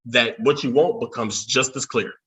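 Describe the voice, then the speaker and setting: A man's voice: mid-range voice, steady tone, normal speed, fairly bright tone, dull audio. A man who is a podcast guest, explaining his teaching in an emphatic way. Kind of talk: casual chat.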